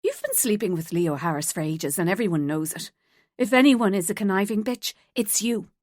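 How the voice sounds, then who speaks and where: A woman narrator voicing a soft-spoken, loyal woman coworker who stands her ground. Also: mid-range voice, sing-song, moderate pace, no echo, clean studio sound. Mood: firm. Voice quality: soft, firm when angered.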